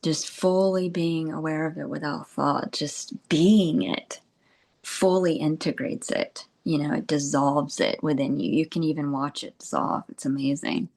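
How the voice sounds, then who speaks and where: A woman speaks as a spiritual teacher in a meditative talk, her voice low and her delivery slow. She meanders gently, leaning on "you know" and "like" and breaking into soft laughs. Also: fairly even intonation, creaky.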